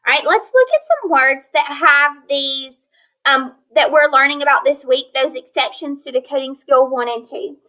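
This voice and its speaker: In a low-quality recording, a woman teaches a phonics lesson, her voice high and bright. She breaks words into syllables and sounds them out slowly and clearly for her students, offering praise and prompts.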